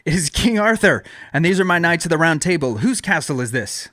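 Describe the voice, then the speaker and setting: A man's voice: fairly high pitch, sing-song, fairly quick, pushed and bright, no echo, clean studio sound, pitched above the performer's own voice. A man in his thirties playing an earnest, commanding legendary king, proclaiming in a raised, formal voice. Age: 30s.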